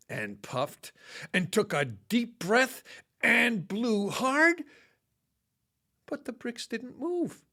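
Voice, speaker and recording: An unhurried storyteller reads a children's tale aloud, taking each phrase slowly. The pitch swings widely to act out the action words, and the delivery stays expressive throughout.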